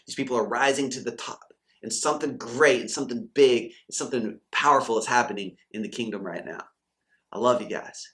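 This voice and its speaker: Speaking fairly quickly in a medium-pitched, somewhat bright voice, a man gives a motivational faith talk to camera as a Christian coach and channel host. Fired-up and preachy, he acts out the voices of doubters and believers he quotes.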